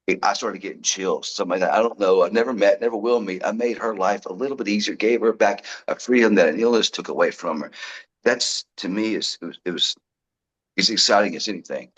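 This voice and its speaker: A man, a guest in an interview, telling his story in a lively way and acting out what people said. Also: fairly low pitch, brisk, husky, muffled recording. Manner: lively storyteller who acts out quoted dialogue. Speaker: guest, product founder.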